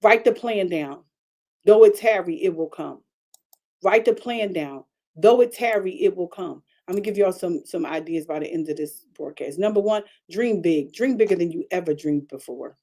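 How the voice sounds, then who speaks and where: A woman pastor preaching a conversational broadcast sermon, chatty and animated, repeating phrases and calling out to her congregation. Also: fairly low pitch, a little fast, few pauses. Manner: chatty, repetitive, calls out to the congregation; animated preaching with frequent restarts.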